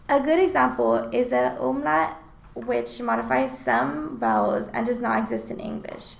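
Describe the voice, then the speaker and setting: A woman's voice: a little high, creaky, echoey room, poor audio. A woman student reading a prepared class presentation in an explanatory way. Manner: explanatory, reads prepared text.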